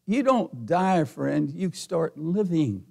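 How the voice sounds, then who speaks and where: A middle-aged male pastor with a notably high, gravelly voice preaching in a folksy, conversational way. He chuckles between points and climbs toward fervent near-shouting when he drives a message home. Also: very animated, slow pace. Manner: folksy, laughs often, builds to near-shouting. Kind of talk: sermon.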